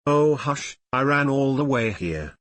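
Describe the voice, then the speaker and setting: A lovesick, awkward teenage boy speaks in tender, confessional tones, as a male reader voices him. His pitch rises and falls freely, and the sound is dry and close. It is an audiobook reading of fan fiction. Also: lively intonation, measured pace, fairly bright tone, no echo. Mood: playful.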